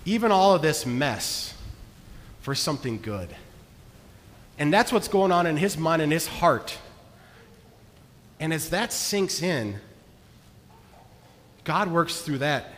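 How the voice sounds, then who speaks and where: A man preaching a sermon as pastor, earnest, moving between hushed and emphatic delivery. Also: on the high side. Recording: long reverb of a large hall.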